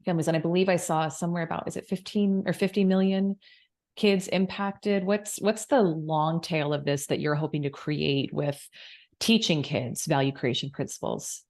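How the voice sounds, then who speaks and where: A woman hosting an interview, giving soft murmurs of agreement and asking thoughtful questions. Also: deep voice, fairly even intonation, normal speed. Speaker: podcast host.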